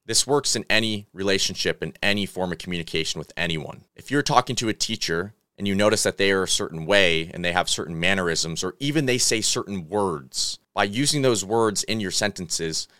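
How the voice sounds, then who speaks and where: Deep-voiced man hosting a podcast. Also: sharp tone, no echo, clean studio sound. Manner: earnest, coaching tone. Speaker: podcast host. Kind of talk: solo podcast monologue.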